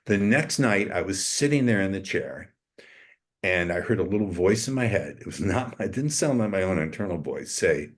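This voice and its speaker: A man's voice: low voice, expressive, moderate pace. Profane older man telling a tale. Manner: blunt, profane, emphatic storyteller. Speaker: interview guest. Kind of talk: casual storytelling.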